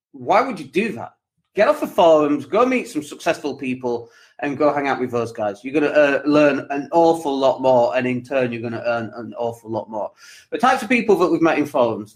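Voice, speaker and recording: A man's voice: mid-range voice, brisk. A man from England hosting his own podcast, talking casually and animatedly in a livestream monologue full of jokes and rants. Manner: animated, lively, jokey and ranting. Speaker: podcast host and property coach.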